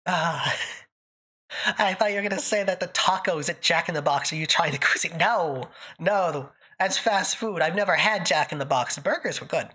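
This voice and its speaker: A woman's voice: lowish voice, moderate pace, sharp tone, husky. A woman streamer from Canada in casual live chat, playful and self-mocking, laughing often.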